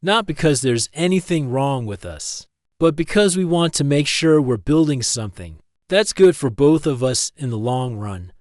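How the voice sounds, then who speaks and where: A man voicing a gentle, careful young man in a storybook reading, in his own plain voice. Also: mid-range voice, animated, normal speed, dry recording, clean studio sound, natural voice.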